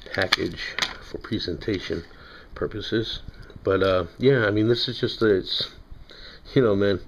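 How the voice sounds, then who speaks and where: Casual New York guy, lower pitch, rambling product-review talk, muffled lo-fi sound. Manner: rambling, chatty, self-correcting. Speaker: knife collector reviewing knives.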